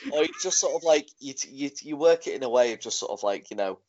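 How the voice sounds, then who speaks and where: A man's voice: mid-range voice, lively intonation, quick pace, a little mellow. A man co-hosting a podcast in casual chat, rambling with lots of "sort of, like" fillers. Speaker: podcast co-host. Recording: dull lo-fi podcast audio.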